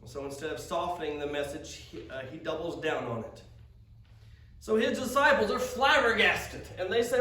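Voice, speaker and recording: High-voiced male pastor, casual sermon delivery with restarts; off-mic in a reverberant room. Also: a little slow, a bit bright, far from the mic. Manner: conversational, stammering restarts, acts out quotes. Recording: roomy sound from off-mic.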